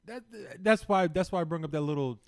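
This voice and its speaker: A man's voice: on the high side, a little fast, clean tone, dry recording, clean studio sound. A man co-hosting a podcast, telling stories in a loose, rambling way with plenty of swearing. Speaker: podcast co-host. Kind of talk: casual chat, storytelling.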